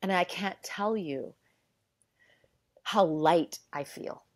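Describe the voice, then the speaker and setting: A middle-aged woman telling a heartfelt personal story in casual conversation. She acts out the dialogue and sometimes drops to a hush. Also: fairly low pitch, slow. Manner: heartfelt and emotional.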